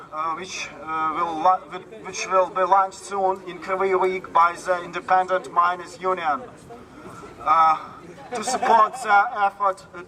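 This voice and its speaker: A man with a Ukrainian accent speaking at an outdoor street rally, halting and searching for words with many fillers. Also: high-pitched, pushed and bright. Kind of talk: public speech at a street rally. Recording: far from the mic, street noise.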